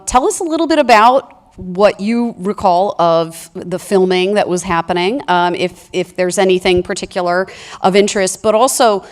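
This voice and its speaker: A woman moderating a panel, asking long, measured questions. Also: lowish voice.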